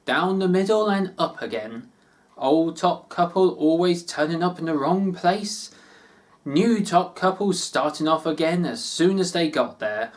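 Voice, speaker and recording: Male storyteller, slow, lively pitch, expressive reading. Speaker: reader.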